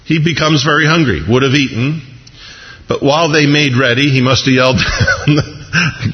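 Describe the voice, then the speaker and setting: A man preaching a sermon with easy humor, acting out each quoted voice as he goes. His voice sits at a middle pitch. It reaches the listener through a dull, radio-like recording with a long reverb tail, as from a large hall. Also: moderate pace, long pauses. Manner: conversational, humorous, acts out quotes. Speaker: pastor.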